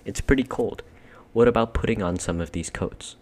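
A man's voice: lowish voice, normal speed, a little mellow, pitched above the performer's own voice, lightly acted. A man voicing a sensible, practical older girl, speaking in a lifted, reasonable way.

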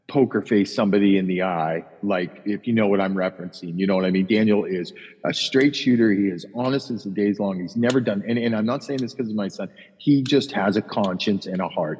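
A man's voice: fairly low pitch, darkish tone, husky. A middle-aged man, a podcast co-host and caddie, telling a long rambling story in casual, profane chat, acting out other people's lines. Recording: dull lo-fi sound with long reverb.

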